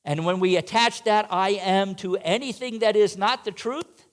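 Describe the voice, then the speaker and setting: A man's voice: high-pitched, moderate pace. A man preaching a sermon in a church, asking the congregation rhetorical questions and making playful asides to them. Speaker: minister. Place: church sanctuary.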